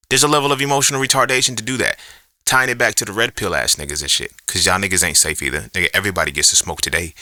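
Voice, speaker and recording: A man's voice: lowish voice, pushed and bright, no echo, clean studio sound. A man hosting a podcast alone, ranting in a profane, emphatic way and throwing out rhetorical questions in an unscripted monologue. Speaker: podcast host.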